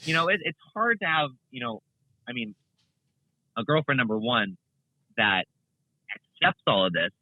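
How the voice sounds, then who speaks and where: A young man talks in a rambling, animated way, full of fillers and restarts, his pitch swinging widely. The sound is dry and tinny, like a phone line, coming in over a remote call. He speaks as a guest in a casual interview. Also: normal speed, pauses often, no room sound. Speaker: guest content creator.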